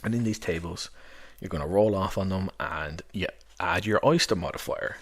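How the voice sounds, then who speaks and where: A man with a very low, deep voice talks through his favourite tabletop books in a loose, rambling way. He keeps it casual and chatty, with plenty of fillers and asides. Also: normal speed, slightly rough. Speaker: tabletop game master reviewing books. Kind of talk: casual rambling book review.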